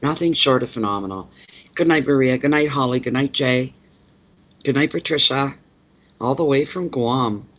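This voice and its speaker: A man from Canada reads tarot on a laid-back live stream, talking with viewers and welcoming each of them. He speaks at medium pitch and normal speed, rambling and frequently repeating himself. The recording is a little muffled and lo-fi.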